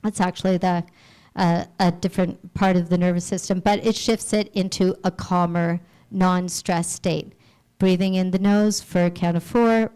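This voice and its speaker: A woman's voice: on the low side, a little mellow, smooth. A woman presenting a health seminar, explaining from slides to a live audience and sometimes acting out little dialogues.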